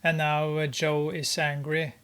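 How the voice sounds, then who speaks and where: A gamer narrates gameplay slowly, with many hesitations and amused exclamations. The pitch stays flat and level. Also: clear, resonant tone. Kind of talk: gameplay commentary.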